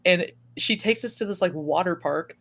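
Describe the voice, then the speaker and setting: Young woman guest telling stories, lively and laughing, voices the people she quotes. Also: lowish voice, normal speed. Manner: animated, laughing often, acts out quoted voices. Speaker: podcast guest. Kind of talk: casual storytelling chat.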